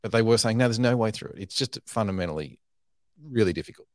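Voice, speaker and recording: A man speaks in a very low voice, caught dry and close to the mic. He chats candidly as a podcast guest, self-deprecating and often restarting his sentences. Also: lively intonation, fast, no echo. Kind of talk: candid conversational storytelling.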